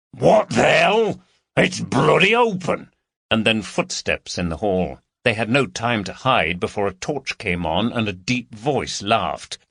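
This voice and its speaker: Brief: male narrator, husky and gravelly, animated delivery, dry close mic. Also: on the low side, dry recording. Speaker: audiobook narrator. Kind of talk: scripted narration.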